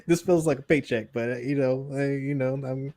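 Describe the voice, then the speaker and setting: A man's voice: medium pitch, steady tone, moderate pace, darkish tone, dry recording. A man co-hosting a podcast in casual chat, laid-back, laughing easily and trailing off. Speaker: podcast co-host.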